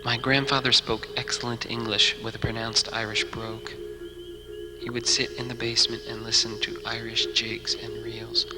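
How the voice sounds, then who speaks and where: A man narrating reflective memories in an even, scripted storytelling manner. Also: medium pitch. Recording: narration with loud music underneath.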